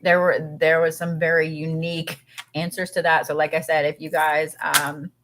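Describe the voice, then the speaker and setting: A low-pitched woman co-hosts a relaxed live stream, talking in a loose, rambling way full of fillers and restarts. She sounds tired and talks between bites of food. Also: normal speed, background noise. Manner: talks while eating. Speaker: co-host. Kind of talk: casual spiritual live stream.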